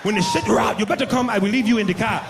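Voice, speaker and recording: A man doing a defiant safari guide, pitched high above his own voice and hammed up loud, wanting no part of the lions. The live stage mic catches the crowd's laughter and room noise all around him. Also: quick pace, reverberant. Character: blunt adult male safari guide, scared of lions.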